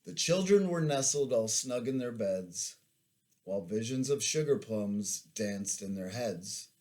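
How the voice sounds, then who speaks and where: A man in his forties, an army veteran, reading his war memoir aloud in a slow, measured storytelling manner. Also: medium pitch, animated, darkish tone.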